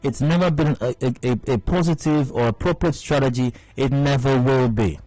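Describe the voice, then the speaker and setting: Indignant Nigerian radio host. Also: male voice, medium pitch, normal speed, a little mellow, dry recording, soft background music, rough recording. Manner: indignant, emphatic, repeats phrases for stress. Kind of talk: opinionated radio commentary. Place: radio studio. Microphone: studio mic.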